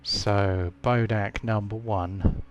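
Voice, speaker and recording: A man running a tabletop game as game master, thinking aloud with frequent fillers and halting restarts. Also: lowish voice, fairly even intonation, clear, resonant tone, highs cut off.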